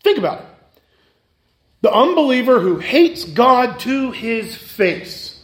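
A man preaching a sermon as pastor, emphatic and repetitive, swinging between loud stresses and hushed asides. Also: extremely high pitch, big pitch swings, slow. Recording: echoey room.

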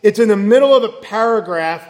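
A man preaching in a high voice, earnest and emphatic, leaning on repetition and rhetorical questions. His sermon rings through an echoey church hall. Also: expressive, brisk, darkish tone.

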